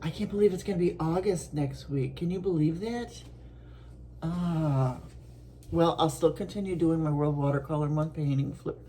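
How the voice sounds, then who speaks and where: A middle-aged woman from Buffalo, New York, chatting casually to her viewers as an art vlogger, rambling along with soft laughs and restarts. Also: low-pitched, normal speed, a little hiss or hum. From Buffalo, New York, USA.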